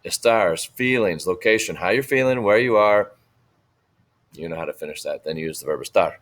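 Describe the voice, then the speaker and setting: Male teacher, low voice, patient, drills vocabulary for an online class. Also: fairly bright tone. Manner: patient, repeats Spanish forms slowly for students. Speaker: Spanish teacher. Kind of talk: recorded online lesson.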